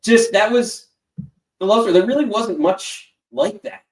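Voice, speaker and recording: A podcast host chatting in a relaxed, reflective way and posing the topic question. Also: medium pitch, moderate pace, recorded from a distance, crowd noise. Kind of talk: casual chat. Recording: echoey room, off mic.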